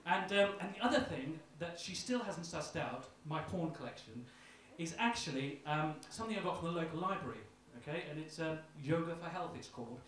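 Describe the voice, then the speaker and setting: Young male stand-up comic, self-deprecating and halting, slightly high voice, boomy club room, far mic, audience around. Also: expressive, noisy background. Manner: self-deprecating, hesitant with ums. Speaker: stand-up comedian. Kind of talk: stand-up routine. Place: small comedy club. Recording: echoey club, distant mic, crowd.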